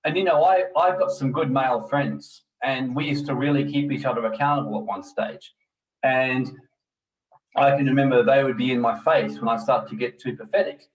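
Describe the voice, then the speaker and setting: A man's voice: mid-range voice, normal speed, slightly rough, rough recording. A middle-aged man giving a blunt, preachy motivational talk to a group, swearing freely as he goes. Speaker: personal development speaker.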